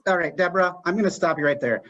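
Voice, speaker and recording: A man hosting an improv game, giving rules with many pauses and fillers. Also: sits high, noisy background. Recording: dull lo-fi stream audio.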